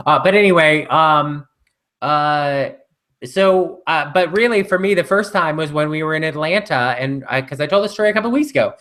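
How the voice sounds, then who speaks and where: Male co-host, bright tone, rambling chatty delivery full of fillers. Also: on the high side, normal speed. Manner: rambling storyteller with many fillers. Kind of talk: casual live chat.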